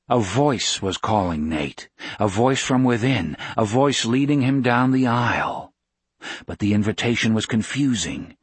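A man reading a novel aloud as narrator, with a measured, gentle delivery. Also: mid-range voice, breathy edge, no room sound. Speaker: audiobook narrator. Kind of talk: scripted narration.

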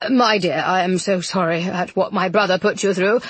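A woman reading an audiobook, voicing a polite, apologetic older gentleman. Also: on the low side, steady tone, moderate pace, slightly rough.

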